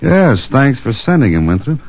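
A man's voice: mid-range voice, big pitch swings, normal speed. An actor playing a dry, wisecracking tough guy in a 1940s radio drama. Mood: wry. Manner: dry, wisecracking, hard-boiled. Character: wisecracking tough male adventurer. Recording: tinny 1940s radio broadcast.

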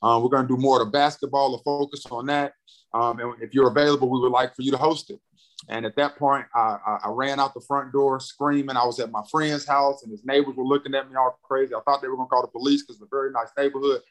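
A man's voice: mid-range voice, fast. A young man from North Carolina telling a story as a podcast guest, acting out the voices in it and often repeating words. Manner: animated, acts out quoted voices, repeats words. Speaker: guest, radio and TV personality. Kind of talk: excited storytelling in a podcast chat.

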